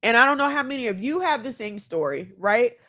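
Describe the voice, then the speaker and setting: A woman's voice: a little high, animated, a little fast, bright, forceful tone. A woman giving heartfelt self-help advice as a mother, speaking earnestly and acting out the voices she quotes. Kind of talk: candid self-help monologue.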